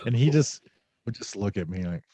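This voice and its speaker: A man's voice: fairly low pitch, lively intonation, brisk, warm tone, husky, dry recording. A man hosting a podcast in casual chat, a little under the weather, rambling and joking with many fillers. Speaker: podcast host.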